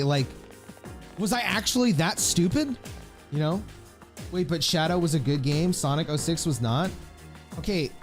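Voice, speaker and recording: Lively, chatty young male streamer. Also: on the high side. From Philippines. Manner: rambling, chatty, lots of fillers, laughs often. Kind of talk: casual live-stream chat while gaming.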